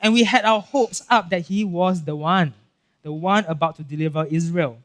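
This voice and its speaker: A male pastor with a Singaporean English accent giving a casual, animated sermon, acting out Bible scenes and checking in with "right?" and "okay?". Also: sits high, moderate pace. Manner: casual filler-heavy talk with frequent "right?" and "okay?".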